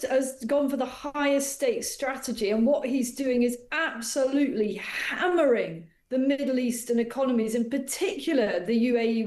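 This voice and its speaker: A woman's voice: on the high side, darkish tone, reverberant. A woman appearing as a guest commentator on a talk show, making her case in an articulate, assertive way. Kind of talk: opinionated radio debate.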